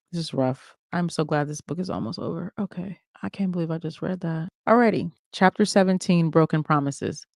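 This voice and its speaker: Livestream book reader; mellow, dry close mic, first-person memoir narration. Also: medium pitch, gravelly, no echo. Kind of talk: reading a memoir aloud.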